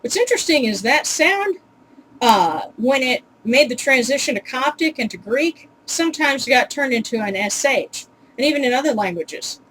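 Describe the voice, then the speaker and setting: A woman's voice: high-pitched, animated, normal speed, a bit bright, slight background noise, poor audio. A woman casually teaching pronunciation in a home video, chatty and full of ums, with wry, exasperated asides. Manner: chatty, with many ums and uhs.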